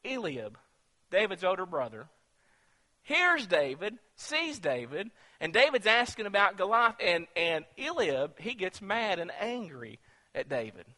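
A man preaching a sermon, retelling a story in an animated way that swings from hushed to emphatic. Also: high-pitched, a little slow, long reverb tail.

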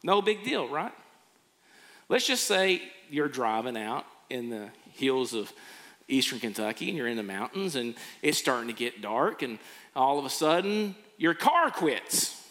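A man's voice: mid-range voice, very animated, unhurried, a bit bright. A man preaching a sermon, earnestly acting out people's reactions. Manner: earnest, acts out quoted reactions. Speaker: pastor. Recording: long hall reverb.

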